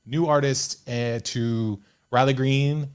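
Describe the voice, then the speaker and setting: Speaking into a studio microphone, a young man hosts a radio show with a smooth, mid-range voice at a slow pace. He's animated and casual, spinning jokey stories.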